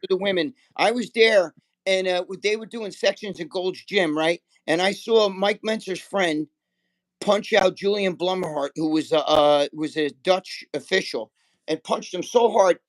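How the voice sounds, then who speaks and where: Older male guest, fairly high voice, animated and profane storyteller. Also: measured pace, rough recording. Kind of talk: casual chat.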